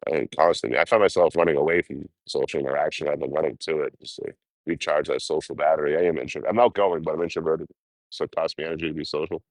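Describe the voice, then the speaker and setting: A man's voice: extremely low pitch, fairly even intonation, quick pace, no room sound. A man chatting casually with his livestream viewers, rambling and swearing as he talks about life on the road. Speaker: livestreaming traveler.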